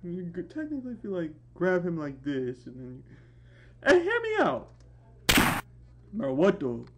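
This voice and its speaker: A young man hosting a reaction video, talking in slang with excited outbursts and shouts. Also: on the high side, a little fast, slight background noise. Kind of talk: reaction commentary. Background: video soundtrack music.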